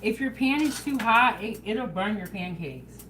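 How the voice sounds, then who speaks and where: A woman hosting a casual home cooking vlog, chatting in a relaxed way and talking straight to her viewers. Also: medium pitch, measured pace, a little hiss or hum, low-quality recording. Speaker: home cooking show host. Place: home kitchen.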